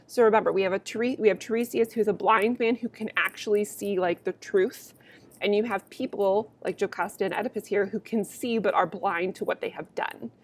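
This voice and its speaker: This is a young woman teaching a play, reading lines aloud and breaking off to explain them in a relaxed, chatty way. Her asides turn dry and sarcastic. Her voice sits at an ordinary middle pitch, like a recorded class lecture. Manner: casual, chatty and sarcastic between read-aloud passages.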